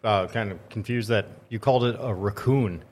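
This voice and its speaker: A man's voice: on the low side, moderate pace, a little hiss or hum. A man co-hosting a casual gaming podcast, throwing in dry jokes. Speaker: podcast co-host. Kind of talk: casual chat.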